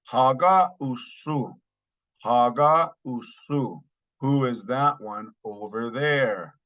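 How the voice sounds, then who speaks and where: A man's voice: mid-range voice, slow, a bit bright, muffled recording. A man teaching a language lesson, saying each phrase twice so learners can follow.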